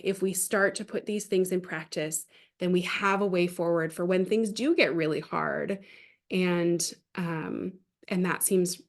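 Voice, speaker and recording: Chatty woman giving online parenting training. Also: fairly low pitch. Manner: chatty, uses many fillers and restarts. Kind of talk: online training talk with storytelling.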